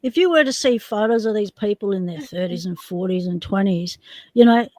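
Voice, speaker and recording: A woman's voice: mid-range voice, a little fast, darkish tone, no echo. Teasing chatty woman, dry close sound. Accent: Australian. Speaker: livestream host. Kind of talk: casual chat.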